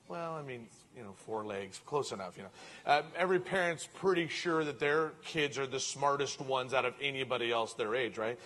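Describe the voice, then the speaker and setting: Preaching man, soft to loud. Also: medium pitch, a little fast. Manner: ranges from soft near-whispers to loud emphatic preaching. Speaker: pastor. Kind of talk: sermon.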